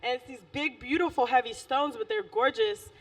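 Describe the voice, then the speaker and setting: A high-voiced woman co-hosting a relaxed chat show, laughing easily and rambling between thoughts. She sits a little back from the microphone, so her voice is slightly distant. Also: moderate pace. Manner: laughs often, loose and chatty. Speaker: podcast co-host. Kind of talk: casual chat.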